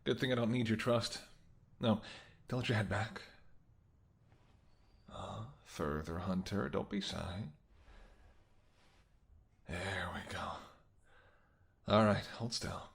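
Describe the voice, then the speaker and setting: A smug, flirtatious vampire purrs in a low, soft murmur, teasing his captive in a whispered role-play, as a man acts him out. His lines slip between hushed seductive talk and breathy whispers. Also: measured pace, long pauses. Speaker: voice actor.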